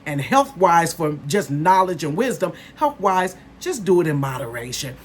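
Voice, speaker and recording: A woman in her fifties chatting casually to her viewers as a vlogger, calling them "honey" and "you guys" and bursting into excitement. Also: fairly low pitch, normal speed, slight background noise. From northern United States. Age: 50s.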